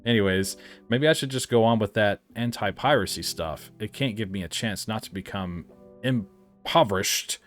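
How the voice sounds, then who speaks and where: A man with a lowish voice talks through a game in a loose, chatty way, drifting off on tangents and stumbling over his words before correcting himself. It has the easygoing feel of a reviewer chatting while he plays, with faint game music underneath. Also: normal speed, a bit bright. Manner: rambling and chatty, with frequent self-corrections. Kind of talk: casual gameplay commentary.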